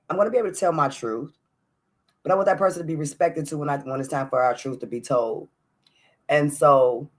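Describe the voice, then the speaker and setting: Woman host, heartfelt solo podcast talk, earnest and open, casual direct address to her audience. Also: deep voice. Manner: earnest, open, speaks straight to listeners; casual, warm address with "y'all".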